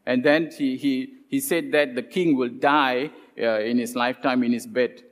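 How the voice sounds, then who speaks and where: A man preaching a sermon, retelling scripture stories with lively quoted voices and many "uh" fillers. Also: mid-range voice, normal speed. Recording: long hall reverb.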